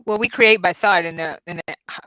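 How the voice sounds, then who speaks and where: Chatty woman in her fifties, low-pitched. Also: a little fast, bright, forceful tone, no echo, rough recording. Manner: chatty storyteller with many ums and restarts. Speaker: psychic-medium host. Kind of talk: casual livestream chat.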